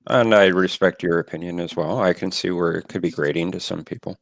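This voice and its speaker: A man in a casual chat, calm and agreeable. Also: low-pitched, a little fast, vocal fry, no room sound.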